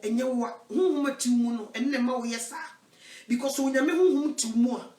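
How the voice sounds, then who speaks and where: In a self-recorded monologue, a Ghanaian woman evangelist with a Ghanaian accent preaches emphatically, going from loud pronouncements to soft asides. The room is echoey and she's recorded from a distance.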